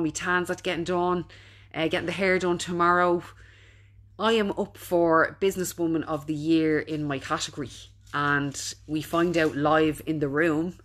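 A woman's voice: on the low side, a bit bright. A middle-aged Irish woman chatting casually on a live stream, reading out viewers' comments and encouraging them. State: recovering from being unwell. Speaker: business owner hosting a Facebook live.

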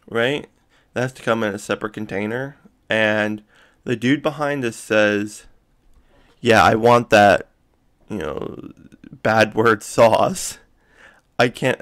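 A man's voice: on the low side, fairly bright tone. A man ranting casually to camera, rambling with many fillers and asides and swearing in exasperation. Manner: profane, exasperated. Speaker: vlogger. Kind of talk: casual rant.

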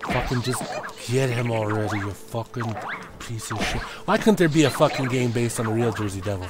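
A man streaming a game, cursing, shouting at enemies and grumbling about the game as he plays. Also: mid-range voice, fairly quick. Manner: profane, frustrated outbursts and yelling at the game. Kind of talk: live gameplay commentary. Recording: game music behind voice.

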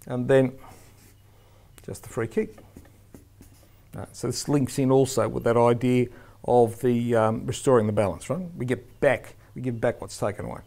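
A man giving an instructional lecture to referees, speaking emphatically and demonstrating the firm and soft tones a referee should use. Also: medium pitch, steady tone, normal speed, vocal fry, long pauses.

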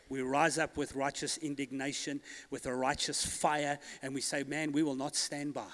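A man with a high voice delivers a sermon, leading the congregation in responses and rising into bold declarations. His voice carries a long reverb through a church hall. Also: steady tone, brisk, hardly any pauses. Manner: call-and-response preaching, rising to loud declarations. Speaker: pastor.

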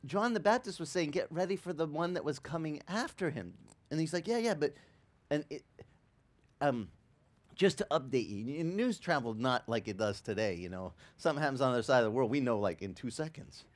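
Male pastor, sermon, animated swooping voice, slightly high, stammering restarts, acted-out quotes. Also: a little fast. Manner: lively storytelling, acts out quotes, stammering restarts. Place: church.

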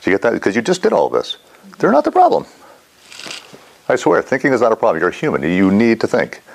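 A man's voice: on the low side, very fast, gravelly, a little hiss or hum. A middle-aged man teaching a mindfulness class in a casual, rambling way, often quizzing his students. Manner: rambling, animated, asks the class questions.

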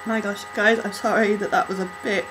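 A woman gushing over a music video in an excitable, flustered reaction vlog, out of breath and struggling to calm down. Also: medium pitch, a little fast, noisy background.

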